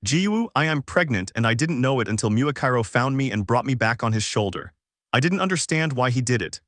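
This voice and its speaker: A man's voice: animated, a little fast, a bit bright, no room sound, studio quality, close to an everyday voice. A man voicing an emotional, fierce young pregnant woman while reading a fan story aloud, in a somewhat raised voice. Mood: earnest. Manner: raises pitch for female lines. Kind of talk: fanfic reading.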